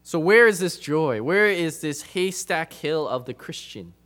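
A man preaching a sermon to his congregation, emphatic, repeating phrases for stress and moving between loud and soft passages. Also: on the high side, expressive, a little slow.

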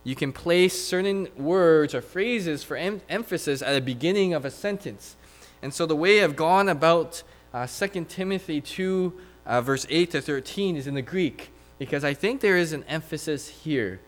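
A man's voice: on the high side, expressive, normal speed, faint music behind. Man preaching a scripture-heavy sermon. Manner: frequent "uh" fillers, rising to emphatic repetition.

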